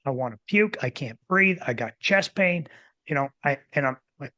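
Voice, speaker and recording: A man in his fifties or older, a former doctor hosting a podcast, telling a personal story in a rambling, animated way with many restarts. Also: on the high side, normal speed, no echo, muffled recording. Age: 50s or older. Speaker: podcast host, former physician. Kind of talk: casual interview storytelling.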